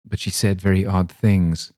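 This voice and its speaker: Deep, mellow male story reader. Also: little pitch movement, normal speed, dry recording, clean studio sound. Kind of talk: storybook reading.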